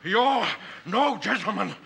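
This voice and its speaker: An actor playing a stuffy, indignant older club judge who sputters at a rival. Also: male voice, high voice, expressive, slow pace, gravelly, a bit bright, slightly rough, full character voice. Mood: outraged.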